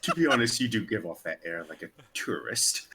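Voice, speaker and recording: A man's voice: fairly low pitch, very animated, brisk, bright, forceful tone, husky. A man playing a tabletop game, speaking in character as a polite, formal cleric. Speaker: player.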